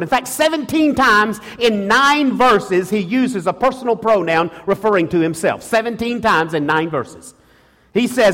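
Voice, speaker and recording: Man, pastor, very high voice, impassioned sermon, repeats and restarts phrases, church sanctuary, long echoing reverb. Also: normal speed, a bit bright. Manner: impassioned preaching, rhetorical calls to the congregation; frequent restarts and repetitions. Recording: long reverb of a large hall.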